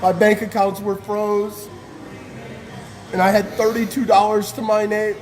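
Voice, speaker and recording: High-voiced man giving fervent testimony. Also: level tone, unhurried, soft background music. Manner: fervent, emotional, casual slang. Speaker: guest speaker. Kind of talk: impassioned personal testimony speech.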